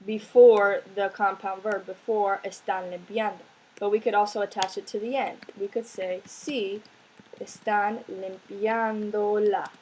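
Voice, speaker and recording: Slow and patient, a woman teaching Spanish walks through a recorded lesson one step at a time, often pausing to ask "right?". Her medium-pitched voice is mellow and steady, heard on a low-quality recording with a little background noise.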